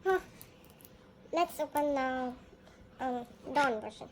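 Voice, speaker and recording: A woman unboxing albums on a casual vlog, gushing excitedly and gasping at each card she pulls. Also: sits high, takes it slowly, slight background noise.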